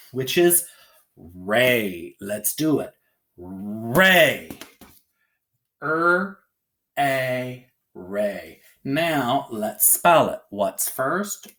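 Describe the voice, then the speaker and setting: A man leads a phonics lesson for young learners at an unhurried pace. His pitch swings widely as he sounds out letters and throws in bright, rising "okay?" checks. He speaks close to the mic, as in a recorded video lesson. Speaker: teacher.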